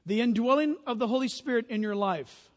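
High-voiced preacher in a reverberant hall. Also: male voice, brisk. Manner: animated preacher, builds to loud emphatic peaks. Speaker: pastor. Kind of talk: sermon.

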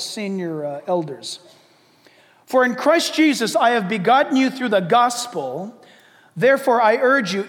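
A man preaching a sermon as pastor, in a lively conversational way with acted asides. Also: extremely high pitch, long reverb tail.

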